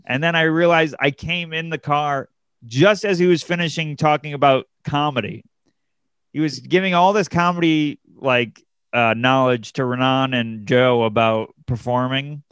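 A young man, a comedian and podcast co-host, telling a story in casual chat, animated and full of fillers and restarts, jumping his pitch up to act out the people he quotes. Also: normal speed, smooth, no echo.

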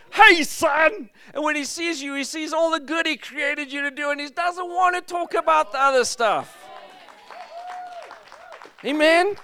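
Pastor, male, lively preacher who mixes in jokes; high, smooth voice, close and dry. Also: no echo. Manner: energetic, emphatic preaching with jokes. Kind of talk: sermon.

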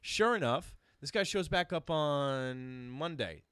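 A man's voice: fairly high pitch, slow, smooth, dry recording, clean studio sound. A man co-hosting a casual podcast, telling bar stories with acted-out quotes and plenty of swearing. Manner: animated storyteller, acts out quotes, swears freely. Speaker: podcast co-host, bartender. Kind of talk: casual storytelling chat.

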